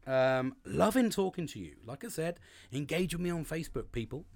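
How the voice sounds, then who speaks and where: A man's voice: on the high side, very animated, moderate pace, a little mellow. A man hosting his own talk show, chatting casually and swearing a lot as he acts out his own thoughts. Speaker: podcast host. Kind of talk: casual monologue.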